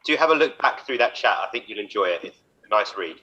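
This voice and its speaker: A man's voice: on the low side, lively intonation, quick pace, sharp tone. A man, a consultant, chairing an online event and introducing speakers with thanks over a video call. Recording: muffled lo-fi video call audio.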